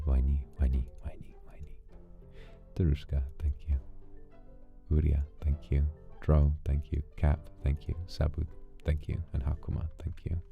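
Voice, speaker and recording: A man streaming from home who reads out thanks to his fans in a soft, intimate way and is close to tears. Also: a bass voice, creaky. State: emotional, holding back tears. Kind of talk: casual livestream talk, reading out fan thanks. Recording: dull lo-fi audio with faint music.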